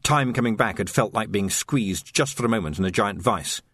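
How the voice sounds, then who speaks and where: A man reading a novel aloud as an audiobook narrator, expressive and story-paced. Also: on the low side, moderate pace, breathy edge, no echo.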